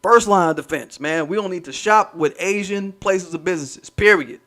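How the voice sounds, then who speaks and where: Fairly high-voiced man ranting on a livestream. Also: moderate pace, pushed and bright. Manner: profane, rambling, talks to the chat. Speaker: livestream host. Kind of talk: casual livestream rant.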